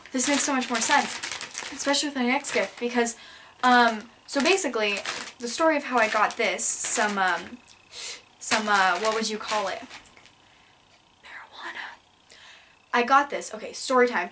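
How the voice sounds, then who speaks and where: A young woman vlogging at home, rambling through her haul with a deadpan tone and lots of "like" and "um". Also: on the high side. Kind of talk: casual haul vlog, rambling story time. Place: indoors at home in front of a backdrop.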